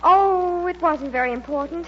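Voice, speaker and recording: A flustered young shop clerk in a 1940s radio play, high-pitched and stumbling over her words. The sound is muffled and lo-fi, with a faint hum, like an old broadcast. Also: moderate pace. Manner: flustered and hesitant.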